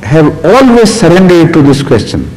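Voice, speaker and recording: A man with a slightly high voice speaks in a long, ringing hall. He answers audience questions slowly, often stopping on "uh" and going back to restart his sentences. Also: very animated, a little mellow, a little hiss or hum. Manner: deliberate, with frequent "uh" pauses and restarts. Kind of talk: question-and-answer talk with storytelling. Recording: reverberant hall recording.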